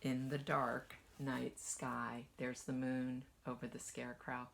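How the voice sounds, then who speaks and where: A woman kindergarten teacher gently reading a picture book aloud to children and asking them questions as she goes. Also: rumbling low, gravelly, noisy background. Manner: slow, lively sing-song storytelling.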